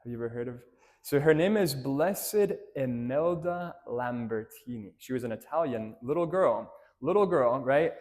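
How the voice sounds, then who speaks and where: A man's voice: mid-range voice, expressive, moderate pace, darkish tone. A male priest giving a homily in church, telling stories in a conversational way and often checking in with "right?". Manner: conversational storytelling, frequent "right?" tag questions; addresses children directly with simple questions. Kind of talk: homily to a parish congregation.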